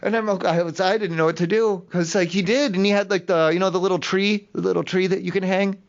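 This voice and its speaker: Man prank caller, high voice, rambling and hesitant, muffled lo-fi audio. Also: steady tone, fast. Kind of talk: prank phone call.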